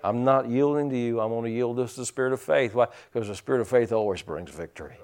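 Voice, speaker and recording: A man preaching a sermon in a folksy, rambling storytelling way, rising into loud bursts. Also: mid-range voice, fast talker.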